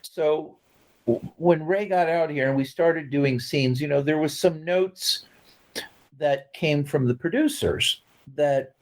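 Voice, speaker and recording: Animated middle-aged male storyteller. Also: fairly high pitch, takes it slowly. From United States. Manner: animated storyteller who acts out quotes. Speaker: filmmaker guest. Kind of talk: casual interview storytelling.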